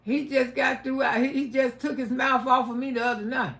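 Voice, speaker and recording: A woman hosting a livestream, telling stories loudly and profanely, often laughing. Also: high-pitched, moderate pace. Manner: loud, animated, laughing, profane advice to women. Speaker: livestream host. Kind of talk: casual storytelling livestream.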